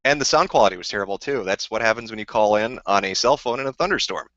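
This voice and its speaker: This live streamer speaks fast in a fairly low, slightly bright voice, ranting profanely and combatively as he rambles through viewer questions. The audio is dull, lo-fi and dry, with no echo.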